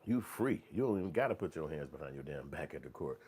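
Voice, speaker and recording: Husky profane man riffing on the news. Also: fast talker. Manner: profane, animated, acts out voices with high falsetto impressions. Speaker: channel host commentating on news. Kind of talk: casual commentary livestream.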